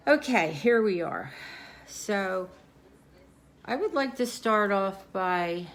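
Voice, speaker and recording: A tired woman speaks slowly at medium pitch with lively intonation, chatting casually from her couch at home in a rambling crafts vlog. She's warm-hearted and keeps restarting her sentences.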